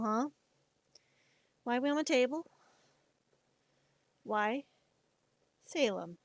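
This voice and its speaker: A woman's voice: fairly high pitch, no room sound. A woman streamer and artist chatting casually on a live stream, playfully scolding her cat between topics.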